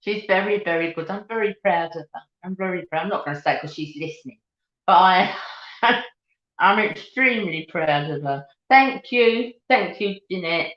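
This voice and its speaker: A woman's voice: fairly low pitch, normal speed. A middle-aged woman hosting a casual live chat, laughing often and greeting viewers by name. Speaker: live stream host. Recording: dull, roomy home recording.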